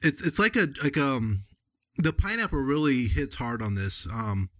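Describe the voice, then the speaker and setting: A man hosting a casual podcast, rambling and halting with fillers while fighting a cold. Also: mid-range voice, very animated, a bit bright. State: has a cold. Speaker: podcast host reviewing beer. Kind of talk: casual chat.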